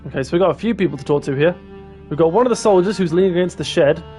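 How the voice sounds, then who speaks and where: Male streamer, reads game text, fairly high voice, soft music. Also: rapid-fire. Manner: casual asides between narration. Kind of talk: reading a game aloud on a livestream.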